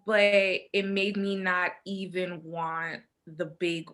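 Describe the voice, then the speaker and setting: Here a young podcast co-host, speaking slowly in a lowish voice, tells an animated story in casual chat. Along the way she acts out the words of the people involved.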